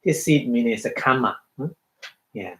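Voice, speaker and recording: A man giving a dharma talk as a Buddhist meditation teacher, halting, repeating phrases and checking in with his listeners. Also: mid-range voice, animated, fairly bright tone, poor audio.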